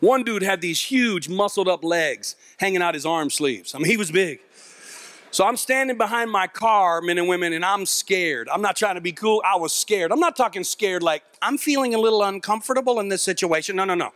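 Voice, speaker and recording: Animated man telling a comic story. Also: high-pitched, moderate pace, no echo. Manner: animated, self-mocking, acts out voices. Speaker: youth mentor and speaker. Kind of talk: comic storytelling speech to an audience. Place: event stage before a live audience.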